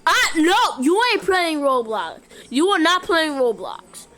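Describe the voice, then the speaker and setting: A woman's voice: high voice, very animated, slow, a bit bright, slight background noise, exaggerated voice. A woman voicing a strict mother who scolds her child firmly. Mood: scolding. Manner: scolding, firm.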